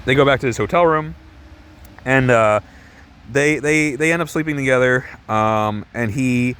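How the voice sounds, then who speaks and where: A man's voice: mid-range voice, moderate pace, fairly bright tone, clear, resonant tone. A man talks through a movie he disliked in a loose, unscripted rant. He rambles, leans on "like," and turns sarcastic, dropping a curse here and there. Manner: rambling, full of "like", sarcastic, swears. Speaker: movie reviewer. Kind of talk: casual film review rant.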